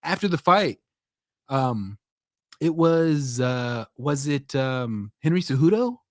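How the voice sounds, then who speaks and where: A man co-hosting a podcast in casual chat, animated and swearing, slipping into mock voices when quoting people. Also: medium pitch, slow, dry recording, studio quality. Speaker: podcast co-host.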